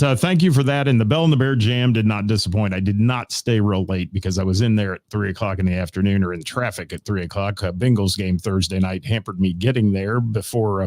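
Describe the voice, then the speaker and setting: Middle-aged male radio host, low voice, loose rambling delivery full of fillers, dry studio sound. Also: darkish tone, no room sound. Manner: rambling, chatty, many "uh" fillers, greets viewers by name. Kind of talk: casual live-stream chat. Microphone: studio mic.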